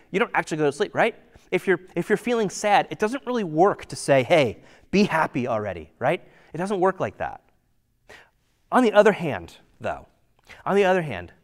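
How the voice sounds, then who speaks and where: A man preaching a sermon in a conversational way, full of rhetorical questions and sometimes dropping to a near-whisper for emphasis. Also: on the high side. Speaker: pastor.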